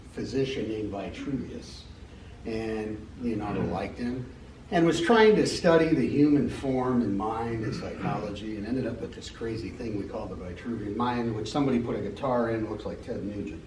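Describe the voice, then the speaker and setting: Recorded from afar in an echoey hall with slight background noise, a middle-aged American man shares an off-the-cuff testimony at church, telling joking, wandering stories in a medium-pitched, somewhat mellow, animated voice at moderate speed.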